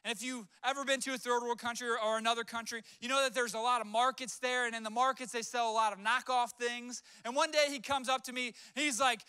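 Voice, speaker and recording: Male pastor, story-driven sermon; bright tone, dry sound. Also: very high-pitched, steady tone, fast talker, hardly any pauses, clean tone, dry recording. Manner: conversational storytelling with acted-out quotes.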